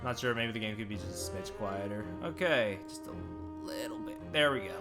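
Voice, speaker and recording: A man's voice: lowish voice, expressive, moderate pace, creaky. Joking man streaming a game dub. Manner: joking, self-correcting. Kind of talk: casual dubbing stream. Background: game music.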